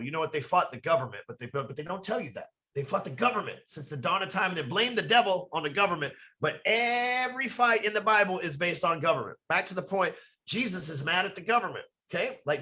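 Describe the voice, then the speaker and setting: A fast-rambling, profane man holding forth as a podcast guest. His voice sits a touch high and comes across bright and forceful, and he hammers his points home emphatically. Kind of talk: casual podcast conversation. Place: his office.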